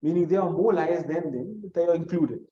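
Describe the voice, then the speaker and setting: A man teaching an Arabic grammar class, explaining step by step, quizzing his students with questions and reciting short Arabic phrases quickly. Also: a little high. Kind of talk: classroom lesson. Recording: echoey room, dull lo-fi sound.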